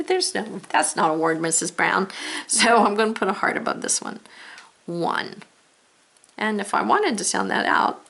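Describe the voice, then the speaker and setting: Woman teacher, gravelly voice, slow and patient spelling lesson for kids. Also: medium pitch, a bit bright. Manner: slow, patient, reads along with pupils. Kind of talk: spelling lesson for young children.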